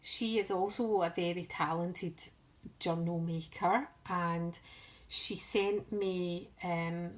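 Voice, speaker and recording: A woman's voice: on the low side, steady tone, takes it slowly. A woman from the United Kingdom chatting through a craft project in a casual, rambling, self-deprecating way. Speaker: craft vlogger. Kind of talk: casual craft show-and-tell.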